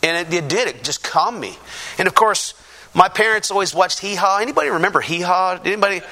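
Bright-voiced pastor telling his story. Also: high voice, a little fast. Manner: animated storyteller, acts out quoted voices. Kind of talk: testimony sermon. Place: church before a congregation.

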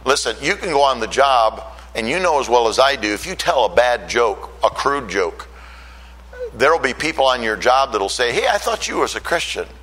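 Bright-voiced older preacher from Michigan. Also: male voice, mid-range voice, rough recording. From Michigan, USA. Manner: earnest storytelling, voice rising when emotional. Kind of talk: sermon with personal testimony.

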